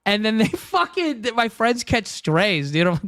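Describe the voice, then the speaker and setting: A man's voice: high-pitched, very animated, normal speed, fairly bright tone, no echo. A young man streaming a game from home, chatting crudely and joking, saying dude a lot, close on a headset mic. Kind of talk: casual livestream chat while gaming. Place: home room.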